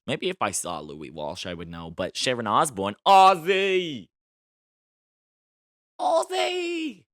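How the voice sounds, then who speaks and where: A man talks loosely into a close mic as a podcast host, full of playful, boastful jokes. His voice sits fairly low, and the recording is dry with no room sound. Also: fairly bright tone, no room sound. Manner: playful, boastful, tongue-in-cheek. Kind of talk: casual solo podcast chat.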